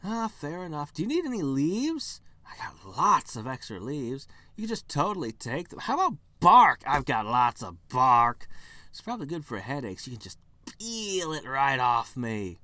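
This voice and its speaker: A man's voice: mid-range voice, very animated, normal speed, sharp tone, no room sound, pitched above the performer's own voice. A man voicing an eager male talking tree in a video game, who pushily offers up his own apple, leaves, bark and branches. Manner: pushy, overly generous, self-deprecating.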